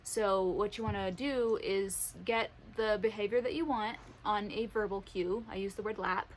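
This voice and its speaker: A woman training her service dog at home, talking to the camera in a calm, practical way and praising the dog warmly. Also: mid-range voice, normal speed, a little hiss or hum, rough recording. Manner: upbeat praise to dogs between calm explanations. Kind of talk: casual training vlog. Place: bedroom at home.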